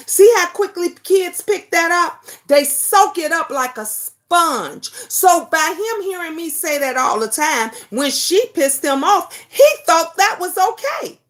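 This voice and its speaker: A middle-aged woman hosting a casual chat show, telling stories bluntly and with lots of swearing, and reading viewer comments aloud. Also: high-pitched. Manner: blunt, animated storytelling with profanity. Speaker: talk show host.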